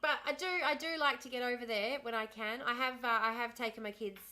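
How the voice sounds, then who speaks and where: An Australian woman in her thirties chats casually with viewers on her livestream, wandering between topics and laughing often. Her voice is bright and slightly high. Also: steady tone, quick pace. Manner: chatty and rambling, laughs often, answers chat. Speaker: livestream host.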